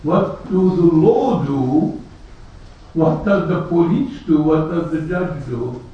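A man preaching a sermon, slow and emphatic, building his points through rhetorical questions. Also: fairly high pitch, animated. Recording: echoey hall, distant lo-fi mic.

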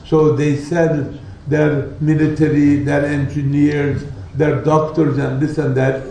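Slow, deliberate man preaching in an echoey hall. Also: a little high, level tone, noisy background. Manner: slow, deliberate storytelling with dramatic quoted voices. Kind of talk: sermon storytelling. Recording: echoey hall, speaker far from mic.

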